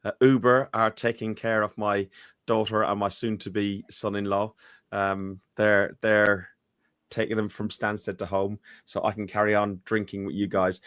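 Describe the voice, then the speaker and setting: Irish man with a low, dry voice. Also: pushed and bright, no echo. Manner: hesitant, full of ums and restarts. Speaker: podcast co-host. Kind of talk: casual football fan chat.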